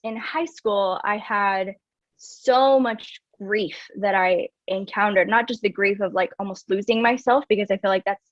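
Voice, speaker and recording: A woman's voice: mid-range voice, unhurried, no echo. A woman guest, a wellness coach, telling her personal story in an earnest, reflective way, with a lot of "like". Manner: earnest and reflective, heavy use of "like". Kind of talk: candid personal storytelling in an interview. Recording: slightly dull, dry recording.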